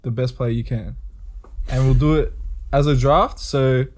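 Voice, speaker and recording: A man's voice: mid-range voice, fairly even intonation, unhurried, darkish tone. A young man co-hosting a podcast, explaining the game plainly with a playful streak. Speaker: podcast co-host. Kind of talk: casual chat.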